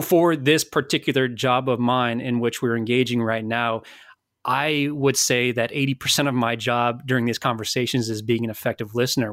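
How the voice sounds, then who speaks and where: A man's voice: mid-range voice, fairly bright tone, no room sound, clean studio sound. A man hosting a podcast interview, asking long, thoughtful questions with frequent restarts. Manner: thoughtful, halting, many restarts. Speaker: podcast host.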